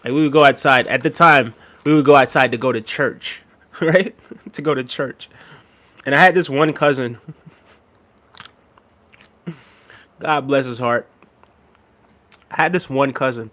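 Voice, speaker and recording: A man's voice: medium pitch, measured pace, long pauses, fairly bright tone. A young man casually chatting with his livestream viewers, rambling and laughing often as he reads their comments. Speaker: livestream host.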